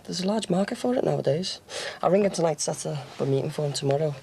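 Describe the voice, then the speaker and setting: A man's voice: on the high side, fast, vocal fry, warm tone, slight background noise. An actor playing a cocky young ex-con who brags about his violent exploits with a swaggering chuckle. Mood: scheming. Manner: boastful swaggering storyteller, chuckling. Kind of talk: TV soap drama.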